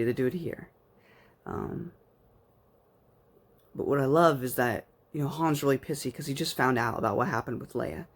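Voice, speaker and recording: A man's voice: medium pitch, vocal fry. A man giving a casual spoken book review, rambling like an enthusiastic fan with plenty of fillers.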